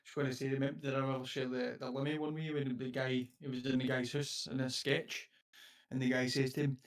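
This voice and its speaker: A man's voice: mid-range voice, level tone, fast. A young Scottish man co-hosting a podcast, telling rambling anecdotes, acting out the quotes and laughing. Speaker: podcast co-host. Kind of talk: casual chat, storytelling.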